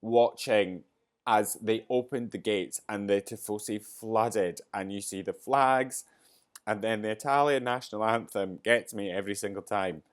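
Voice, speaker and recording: A man hosting a podcast, chatting casually and excitably through a race review, rambling and getting teary and choked up along the way. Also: on the low side, a little slow. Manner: excitable, rambling, gets emotional. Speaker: podcast host.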